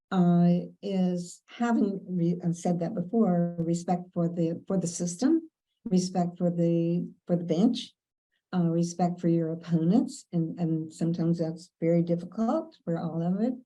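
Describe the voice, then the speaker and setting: A woman's voice: lowish voice, dark tone, poor audio. An older woman lawyer from Kentucky telling courtroom stories in a chatty way, laughing often and using many fillers. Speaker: veteran lawyer. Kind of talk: storytelling interview.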